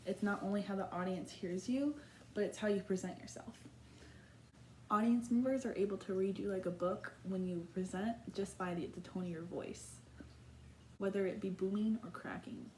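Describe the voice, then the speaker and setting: A woman's voice: medium pitch, normal speed, warm tone, slight background noise. A young woman earnestly giving a prepared lesson on public speaking, with small slips as she reads her points. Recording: echoey room.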